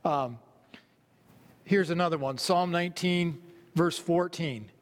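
A man's voice: a little high, takes it slowly, long reverb tail. A man preaching a sermon, earnest, reading scripture aloud and repeating phrases for emphasis. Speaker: pastor.

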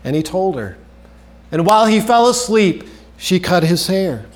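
Earnest high-voiced male preacher. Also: big pitch swings, unhurried. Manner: earnest preaching, repeats key phrases, drops low at ends of phrases. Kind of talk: sermon.

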